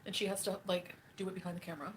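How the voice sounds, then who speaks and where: A woman's voice: on the low side, steady tone, very fast, background noise. A woman livestreaming, reading chat and ranting in a catty, mocking way with frequent laughs.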